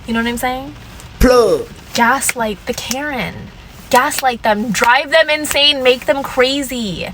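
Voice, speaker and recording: A woman's voice: high voice, slow pace, background noise. A young adult woman vlogging casual advice in a sassy, emphatic way, repeating her points. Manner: drops into mocking voices to quote people.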